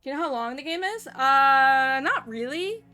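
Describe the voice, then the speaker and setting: Young woman streamer, casual and profane, slightly high voice, chatting with viewers. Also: expressive, normal speed, bright, forceful tone. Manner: chatty, swearing, laughing at mispronunciations.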